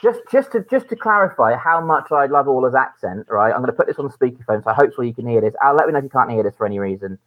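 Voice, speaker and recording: Fast-talking man on lo-fi podcast. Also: medium pitch, expressive. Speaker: podcast co-host, production company director. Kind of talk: casual chat.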